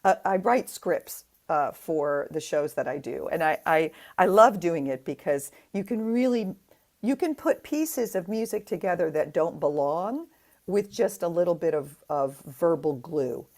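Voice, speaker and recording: Middle-aged american woman chatting, lively swoopy voice, tells stories with gusto. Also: on the low side, measured pace. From United States. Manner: animated storyteller, acts out voices in anecdotes. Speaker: guest, opera singer. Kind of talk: casual interview chat.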